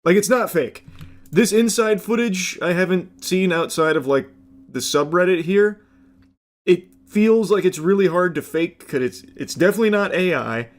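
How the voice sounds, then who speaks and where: Guy rambling over a clip, kinda high voice, lots of likes and uhs. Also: normal speed. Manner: rambling, speculative, lots of fillers. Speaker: commentator. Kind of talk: casual video commentary.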